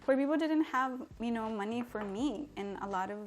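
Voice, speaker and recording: A woman's voice: on the high side, moderate pace, slight background noise. A young woman from Mexico, chatting casually and giggling as she cooks and answers viewer comments on a home livestream. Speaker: livestream host. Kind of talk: casual live-stream chat while cooking. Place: home kitchen.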